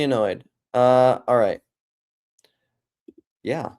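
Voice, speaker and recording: A man's voice: fairly low pitch, normal speed, darkish tone. Rambling, joking male live streamer. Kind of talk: casual livestream monologue. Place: home.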